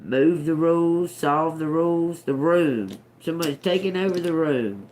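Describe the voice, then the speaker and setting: A woman's voice: low-pitched, normal speed, a little mellow, slight background noise. A woman doing a live-stream tarot reading, talking casually and profanely, laughing often and trailing off into restarts. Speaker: tarot reader.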